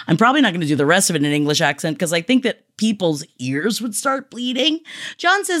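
A woman's voice: on the low side, big pitch swings, brisk, a bit bright. Gushing, swearing woman podcast host. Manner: gushing and profane. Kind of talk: casual podcast chat, reading listener shout-outs.

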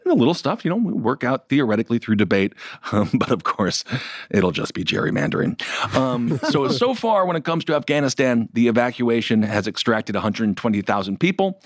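A man's voice: medium pitch, a little fast, no echo, studio quality. A man co-hosting a political news show, giving casual, sardonic commentary with frequent jokes. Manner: sardonic, animated, laughs often.

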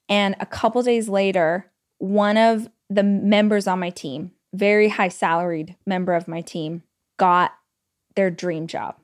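A woman talks through her own stories on a solo podcast. She is chatty and animated, with her voice at a middling pitch. She scatters "like" through her sentences and acts out what she thought at the time. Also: measured pace. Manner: chatty and animated, with frequent "like" fillers; retells stories with quoted inner speech. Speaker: podcast host. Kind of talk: casual solo podcast storytelling.

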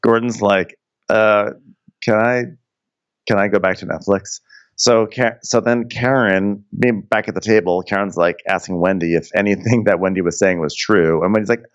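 A man's voice: fairly low pitch, normal speed, dry recording, lo-fi sound. A man co-hosting a podcast, recapping a reality show in gossipy casual chat with dramatic impressions. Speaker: podcast co-host.

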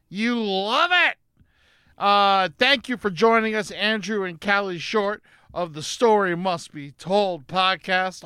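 A man hosting a casual comedy podcast from home, upbeat and quick to laugh. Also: high-pitched, pushed and bright, clean tone, no echo, clean studio sound. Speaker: podcast host. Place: home setup during lockdown.

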